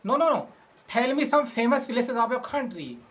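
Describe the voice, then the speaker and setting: A man's voice: extremely high pitch, very animated, moderate pace, a bit bright, poor audio. Patient Indian English trainer, man. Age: 20s. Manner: patient, repeats questions. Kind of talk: casual English practice conversation.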